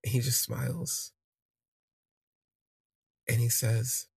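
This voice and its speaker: A man's voice: medium pitch, level tone, takes it slowly, creaky, pauses often, a little mellow, husky, no echo. A man casually telling a personal story on his podcast, candid and rambling, with lots of fillers. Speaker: podcast host.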